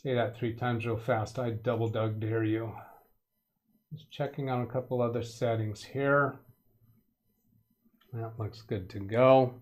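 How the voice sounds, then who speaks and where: A man's voice: mid-range voice, fairly even intonation, a little slow, pauses often, a little mellow. A man hosting a casual tech-help live stream from a home studio, chatty, greeting viewers by name and making light puns. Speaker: livestream tech help host.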